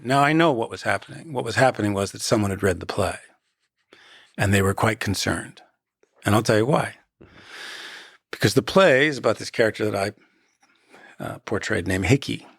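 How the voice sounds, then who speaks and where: Man, actor guest, gravelly, husky, low-ish voice, measured storyteller, dry close sound. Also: fairly bright tone, no room sound. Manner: measured, storytelling, restarts phrases. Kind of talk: reflective interview talk.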